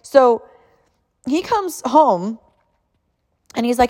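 A mother in her thirties telling an animated, emotional family story and encouraging other mothers, laughing often. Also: medium pitch, moderate pace.

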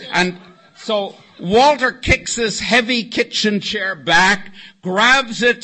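An older man from California tells a wry, winding story at a recovery meeting, slipping into the voices of the people he quotes. His voice sits fairly high and rings bright. He talks in an easy, anecdotal way. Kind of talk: storytelling talk to a live meeting. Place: meeting hall before an audience.

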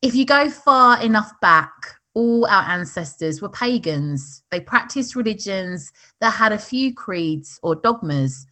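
A woman's voice: mid-range voice, expressive, unhurried, few pauses, pushed and bright. Chatty woman co-hosting a casual podcast. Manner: chatty, laughing, many fillers. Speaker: podcast co-host. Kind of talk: casual chat.

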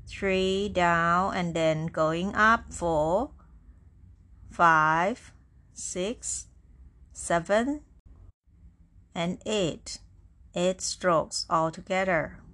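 Very slow, patient woman language teacher. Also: fairly low pitch, a bit bright. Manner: drills each syllable, repeating sounds patiently. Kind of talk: slow, deliberate vocabulary lesson.

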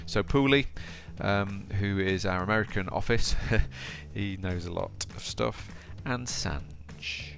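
A man hosting a podcast, chatty and animated, telling a story off the top of his head. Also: on the low side, takes it slowly, vocal fry. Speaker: podcast host. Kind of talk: casual podcast talk and storytelling.

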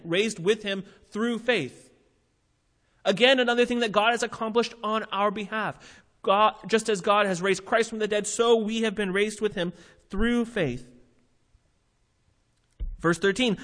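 A man preaching a sermon in a conversational, animated way, acting out little voices as he explains scripture. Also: high voice, moderate pace. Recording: hall reverb.

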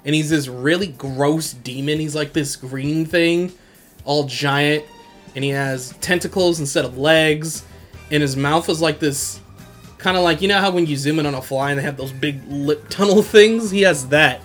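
Brief: young male podcast host, laughing and slangy recap, slightly high voice, music faint underneath. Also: moderate pace. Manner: animated, slangy, laughs often. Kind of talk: casual anime recap chat.

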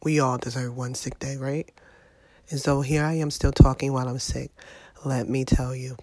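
A woman's voice: a bass voice, little pitch movement, normal speed, a little mellow, no room sound. Sick, exasperated woman venting to viewers. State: sick with a sinus infection. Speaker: vlogger. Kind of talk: casual vlog monologue.

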